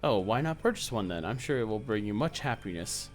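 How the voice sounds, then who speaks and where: A man voicing a cool, composed male prosecutor, reading game dialogue aloud in a formal, measured way. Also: lowish voice, lively intonation, soft background music, natural voice.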